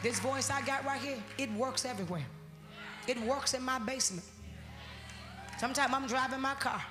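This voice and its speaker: A woman with a high voice preaches a fervent sermon, dropping low and then breaking into shouted praise. She calls out to the congregation in a call-and-response style. She is recorded in an echoey church hall with loud music behind her. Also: normal speed, long pauses, crowd noise.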